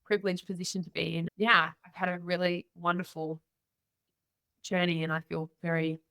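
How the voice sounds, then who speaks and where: Bright-voiced Australian woman telling candid stories. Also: on the low side, normal speed, smooth, no room sound. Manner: candid, animated storyteller acting out quoted voices. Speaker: guest entrepreneur. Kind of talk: podcast interview storytelling.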